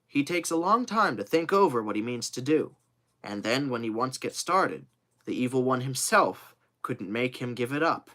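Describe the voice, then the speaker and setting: Guy putting on a bright, chirpy young servant, super eager and loyal. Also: medium pitch, big pitch swings, moderate pace. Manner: eager, earnest. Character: cheerful loyal young male manservant.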